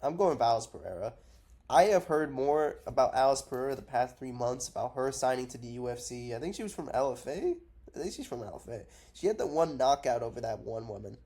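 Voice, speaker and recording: Animated and fairly quick despite being sick and sleepy on cough syrup, this MMA predictions vlogger gives rambling, profane, blunt picks in unscripted commentary. He has a mellow, medium-pitched male voice.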